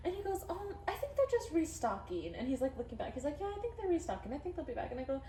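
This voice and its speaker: A woman's voice: high voice, quick pace, reverberant, distant mic, a little hiss or hum. A woman co-hosting a podcast, telling stories animatedly in casual chat with laughter. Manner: animated storyteller, laughing, acting out quotes. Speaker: podcast co-host.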